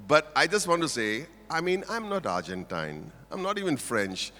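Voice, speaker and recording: An older man with an Indian English accent works a corporate audience from the stage, playful and teasing. His voice is bright and swoops through a lively range. It booms back from a big, reverberant auditorium. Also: unhurried. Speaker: motivational speaker at a corporate event. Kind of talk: humorous stage speech.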